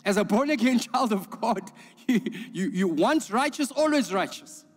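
A man preaching a sermon as pastor. He speaks emphatically, repeats words, and swings between hushed lines and urgent preaching. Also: high-pitched, animated, normal speed. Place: church auditorium. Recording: long reverb of a large hall.

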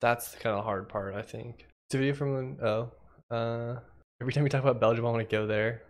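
A man's voice: medium pitch, fairly even intonation, quick pace, a little hiss or hum. A man in his forties from the United States, thinking aloud and chatting with viewers while he codes a game on a livestream, hesitant and rambling. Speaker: livestream programmer. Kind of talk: casual livecoding chat.

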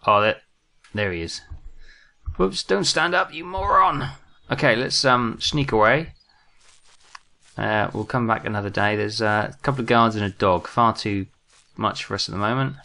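A man's voice: on the low side, moderate pace, vocal fry, bright, forceful tone. A British man commentating his own game play, jumpy and muttering to himself with self-mocking asides. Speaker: gaming commentator.

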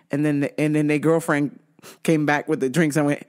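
A woman's voice: sits high, extremely slow. A woman hosting her own show, telling a casual story with lots of swearing and laughter. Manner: animated, profane, laughs often. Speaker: podcast host.

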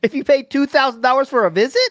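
A man's voice: very high voice, fast talker, dry recording, studio quality. A man co-hosting a podcast in a rambling, casual chat, laughing often. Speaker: podcast co-host.

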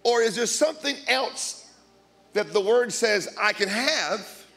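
A man preaching as a guest speaker, blunt and emphatic, swinging between quiet asides and loud declarations. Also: sits high, expressive, a little slow, creaky. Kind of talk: sermon.

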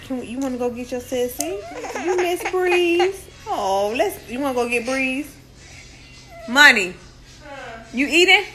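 A woman's voice: sits high, animated, measured pace, bright, forceful tone. A young adult mother chatting in playful sing-song baby talk to her little ones on a phone live stream. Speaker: mother livestreaming with her babies.

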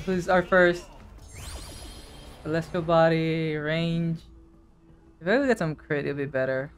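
A man giving casual live commentary while playing a video game, talking to his viewers and breaking into excited shouts. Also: a little high, a little slow, pauses often, over music. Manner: animated, bursts into excited shouts. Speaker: gaming streamer.

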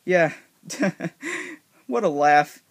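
A man's voice: on the high side, expressive, extremely slow, creaky. A young man casually narrating a made-up story, rambling with many fillers and restarts.

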